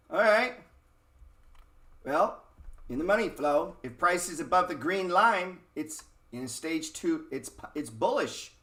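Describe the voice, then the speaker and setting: A trading educator talks markets casually over a screen share in a high, bright, forceful voice. He's blunt and profane, throws out rhetorical questions, and the audio has a roomy echo.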